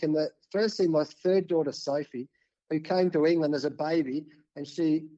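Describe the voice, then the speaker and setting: An Australian man in his fifties, a cricket coach telling stories as a podcast guest, animated and often restarting his sentences. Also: a little high, dull audio. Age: 50s. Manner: animated, restarts often, acts out quoted exchanges. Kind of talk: casual storytelling in an interview.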